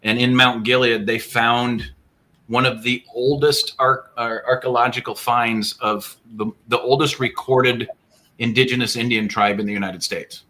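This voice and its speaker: Bright-voiced man telling ghost stories. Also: mid-range voice, steady tone. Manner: storytelling, quick asides. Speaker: guest paranormal investigator. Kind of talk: casual podcast chat.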